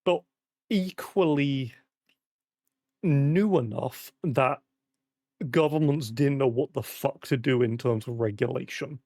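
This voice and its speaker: A man's voice: mid-range voice, darkish tone, no echo, studio quality. A young British man casually chatting and rambling on a live stream, swearing often, his voice cracking in the heat. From Britain. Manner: rambling, sweary, with frequent fillers.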